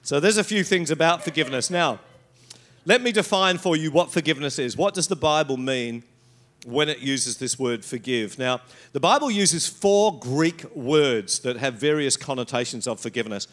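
A middle-aged man preaches a sermon in a conversational, animated way. His voice sits a little high for a man and swings widely in pitch, rising and falling as he drives his points home. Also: moderate pace. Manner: animated preaching with mocking quoted asides and laughter. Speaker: pastor.

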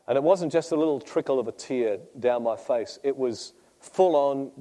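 A middle-aged Australian pastor, his mid-range voice carrying a dark tone, preaches a sermon woven with personal testimony. He tells his own story in a conversational, self-deprecating way.

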